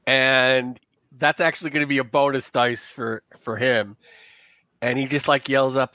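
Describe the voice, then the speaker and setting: Halting man narrating as game master. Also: mid-range voice, fairly even intonation, bright, forceful tone, dry recording. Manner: loose, halting, full of "like" and restarts.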